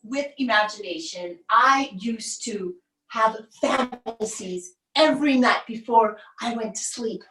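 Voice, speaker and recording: A woman performing an autobiographical stage monologue, measured and wry, pausing for effect. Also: on the high side, fairly bright tone. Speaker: solo performer. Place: theater stage. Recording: roomy stage sound, mic far off.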